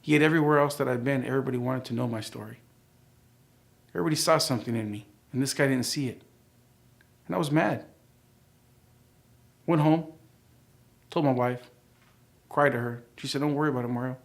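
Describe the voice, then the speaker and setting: A middle-aged man with a gravelly, creaky voice at an ordinary pitch tells his personal testimony. He animates the story by acting out the back-and-forth of the people in it. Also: brisk, pauses often. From United States. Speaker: church member sharing his testimony.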